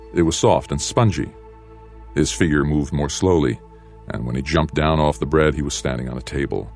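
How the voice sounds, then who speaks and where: A man with an extremely deep voice reads a novel aloud in measured, steady narration. Soft music sits faintly beneath his reading. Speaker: audiobook narrator. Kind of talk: scripted audiobook narration.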